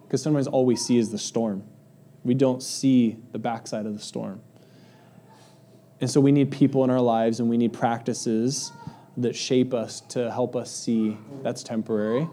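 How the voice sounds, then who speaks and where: A man's voice: mid-range voice, warm tone. A man giving a casual, conversational sermon as a pastor, with frequent fillers and acted-out asides.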